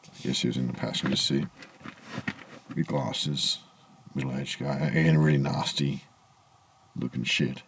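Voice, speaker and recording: A man's voice: very deep voice, steady tone, measured pace, long pauses, fairly bright tone, a little hiss or hum. A man telling a rambling, aggrieved story to camera in a casual vlog, swearing freely, outdoors in the evening. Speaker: vlogger. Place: outdoors in low evening light.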